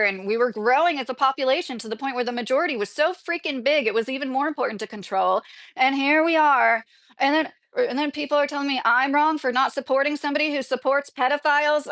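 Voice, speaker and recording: In a high-pitched, slightly bright voice, this late-thirties YouTuber delivers a casual political rant to camera while reading comments. She's indignant and rambles, restarting often and leaning on fillers.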